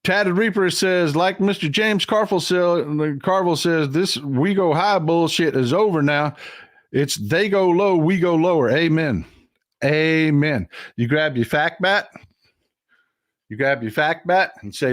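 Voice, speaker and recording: A man's voice: a little high, a little slow, dry recording, clean studio sound. An older man hosting a casual livestream, talking bluntly and with profanity while he reads out and thanks viewers' comments. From Texas. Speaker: livestream host.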